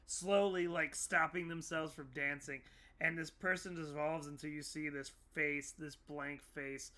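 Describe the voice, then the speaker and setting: A young man running a tabletop game as game master, animated, voicing characters and making sound effects. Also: on the high side.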